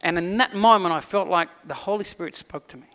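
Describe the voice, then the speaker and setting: High, bright-voiced Australian pastor. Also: male voice, quick pace, long reverb tail. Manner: animated storyteller, dropping to a quiet, earnest tone for the message. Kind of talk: sermon with personal storytelling.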